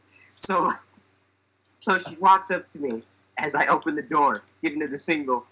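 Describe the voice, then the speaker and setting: A man's voice: fairly high pitch, a little slow, long pauses, sharp tone, slightly rough, rough recording. A young man telling a comic story on a podcast in a chatty way, full of fillers, and acting out the lines he quotes.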